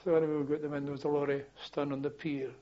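An older man telling wartime memories as a former policeman, in a halting, rambling way full of restarts and chuckles. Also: a little high, level tone, dull audio. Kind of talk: oral history storytelling.

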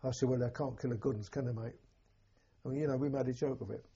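An older English man, a war veteran, telling an oral history in a halting, plain-spoken way with a husky voice. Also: mid-range voice, steady tone, warm tone, highs cut off. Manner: halting, plain-spoken storytelling with many restarts. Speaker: war veteran recounting memories.

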